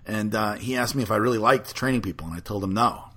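Bright, husky-voiced man chatting. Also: lowish voice, quick pace. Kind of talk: casual chat.

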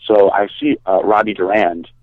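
Low-voiced man telling a story over a phone-like line. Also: moderate pace, dry recording. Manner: animated, swearing, acts out quotes. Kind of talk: casual storytelling on a podcast. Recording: dry, phone-like narrow sound.

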